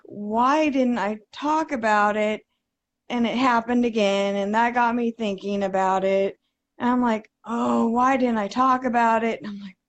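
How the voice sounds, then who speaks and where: A woman in her thirties speaks as a guest on a video call. She sounds emotionally shaken. Her voice is fairly high, and she talks slowly and haltingly, often stopping on hesitations. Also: lo-fi sound. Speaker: interview guest.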